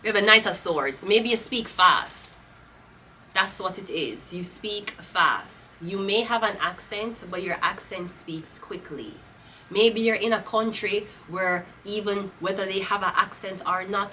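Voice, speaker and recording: A woman's voice: mid-range voice, measured pace, pushed and bright, slight background noise. A woman with a Jamaican accent reading tarot cards in a casual, blunt, profane way, slipping into patois. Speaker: tarot reader. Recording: voice a bit off-mic.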